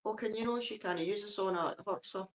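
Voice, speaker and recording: A woman's voice: medium pitch, fast talker, slight background noise, rough recording. A Scottish woman chatting casually, easygoing, with "aye" and "eh" running through her talk. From Scotland. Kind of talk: casual chat.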